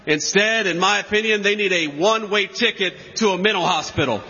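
A man's voice: high voice, a little fast, heavy background noise. A man giving a campaign rally speech in a large hall, emphatic and mocking with sarcastic asides. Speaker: political speaker. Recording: lo-fi, long hall reverb.

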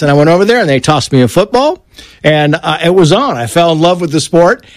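A middle-aged male journalist on a talk show, telling stories and acting out the voices of the people in them. His voice sits a little high. The recording is close and dry. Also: a little fast, no room sound. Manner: animated anecdotes with acted-out quotes. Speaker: guest author and journalist. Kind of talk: casual interview storytelling.

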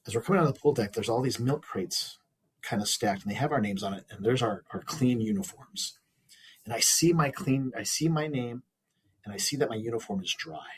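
A man with a very husky, breathy voice recounts a hard experience in an interview. He talks in an earnest, reflective way, often restarting his phrases. His pitch sits in an ordinary middle range. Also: poor audio. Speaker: interview guest. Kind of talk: personal storytelling in an interview.

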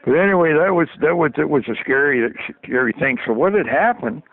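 A man's voice: fairly high pitch, animated, a little fast, no echo. An older man, a former hockey trainer, telling folksy stories with frequent chuckles in an interview. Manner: chuckling, folksy anecdotal storytelling. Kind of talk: storytelling interview. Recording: dry tinny phone line.

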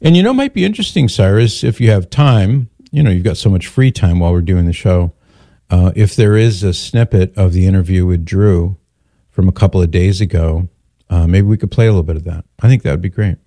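A man's voice: deep voice, brisk, mellow, no echo, studio quality. An older man, a grandfather, hosting a call-in radio talk show and lecturing emphatically on the issue. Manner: emphatic, lecturing, quotes others in mock voices.

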